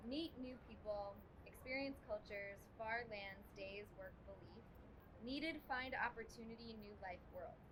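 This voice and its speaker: A woman in the audience reading a jumbled text aloud, word by word in a halting way. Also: fairly high pitch. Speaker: audience volunteer. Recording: distant room mic with noise.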